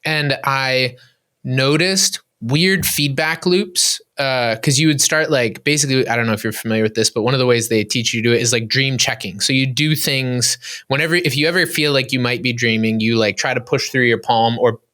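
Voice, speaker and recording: A man hosting a podcast conversation, with a bright and slightly sharp tone. His questions are long and searching, and he thinks out loud as he frames them. His pitch sits in an ordinary middle range. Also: moderate pace. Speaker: podcast host. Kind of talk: conversational interview.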